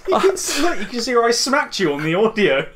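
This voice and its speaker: A young man in his twenties hosting a casual gaming chat, excitable, swearing freely and playing up mock outrage. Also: extremely high pitch, heavy background noise. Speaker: gaming channel host.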